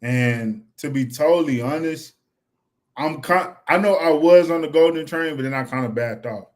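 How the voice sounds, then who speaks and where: Animated man talking football. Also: a little high, moderate pace. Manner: animated, repeats "you know what I'm saying". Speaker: fan podcast co-host. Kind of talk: casual fan chat.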